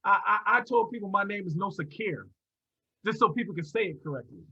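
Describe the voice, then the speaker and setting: A man presenting to teachers in an animated storytelling lecture, restarting often and chuckling as he goes, over a video call. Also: high-pitched, fast talker, husky, muffled recording.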